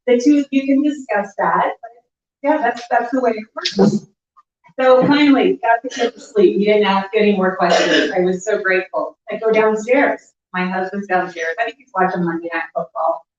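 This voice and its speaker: A middle-aged woman telling a funny personal story at a live story slam, animated and laughing as she goes. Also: mid-range voice, moderate pace. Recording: echoey, distant, dull live room recording.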